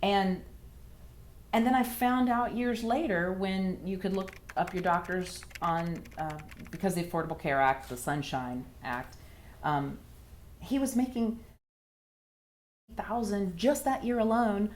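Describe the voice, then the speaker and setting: A woman in her thirties, earnest and halting, telling her own story as a former patient in an interview. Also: medium pitch, darkish tone, slight background noise. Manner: earnest, halting, many restarts. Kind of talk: emotional personal account.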